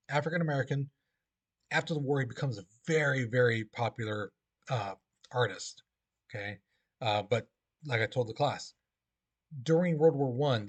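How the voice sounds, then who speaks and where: A male teacher talks students through a history lesson in a casual, chatty way. He keeps checking in with "okay?" and fills pauses with "um" and "uh". His voice sits at an ordinary middle pitch. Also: husky. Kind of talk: classroom lecture to students.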